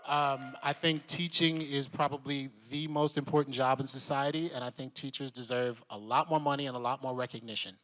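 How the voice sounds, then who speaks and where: A man telling stories at a convention panel, lively and laughing, acting out the voices of the people he quotes. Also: mid-range voice, brisk, hardly any pauses. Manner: animated, laughing, acts out voices. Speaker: convention panel guest, actor. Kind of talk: animated storytelling at a convention panel. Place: convention hall. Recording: long hall reverb.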